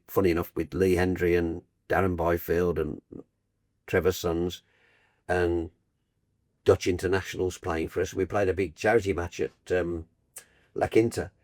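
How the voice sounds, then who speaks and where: Older broadcaster, husky, deep, storytelling guest. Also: male voice, dry recording, studio quality. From Birmingham, England. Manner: warm anecdotal, animated, trailing restarts. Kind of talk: casual storytelling chat.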